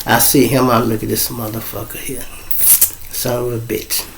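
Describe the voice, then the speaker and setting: Middle-aged Chicago male host, gravelly, profane casual storyteller who does the quoted voices. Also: normal speed, a little hiss or hum. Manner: profane, animated, acts out quoted voices with big pitch jumps. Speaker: show host telling a personal story.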